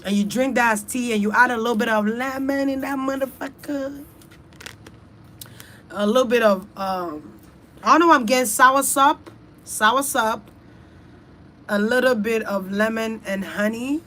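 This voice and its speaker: A woman's voice: a little high, a little slow, pauses often, sharp tone, slight background noise. A woman hosting a casual, rambling chat, talking loosely and with plenty of swearing straight to her viewers. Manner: loose, profane, chatty, talks straight to her audience. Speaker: online reader and host.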